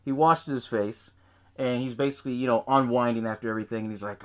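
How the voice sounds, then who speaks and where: A man's voice: mid-range voice, fairly even intonation, quick pace. Man casually recapping a film, swearing. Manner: swears often, laughs, acts out lines from scenes. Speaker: podcast host.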